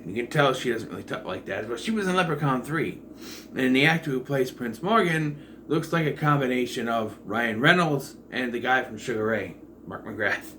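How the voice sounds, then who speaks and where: A man giving a casual, rambling movie review, full of fillers and the occasional swear, jumping between loud excitement and quiet asides. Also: mid-range voice, normal speed, slight background noise. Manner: rambling and digressive, with profanity and many fillers.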